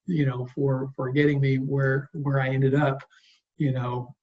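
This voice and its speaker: A man in his sixties with a husky, slightly breathy voice tells long, wandering anecdotes as a guest in an interview. His delivery is relaxed and conversational. The recording sounds dull and lo-fi. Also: mid-range voice, measured pace. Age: 60s. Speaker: guest bass player. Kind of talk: interview storytelling.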